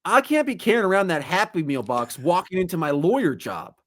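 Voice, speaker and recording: An animated man co-hosting a podcast, riffing through comic rants in easy chat. His voice sits a little high for a man and stays lively from one joke to the next. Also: fairly quick. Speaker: podcast co-host.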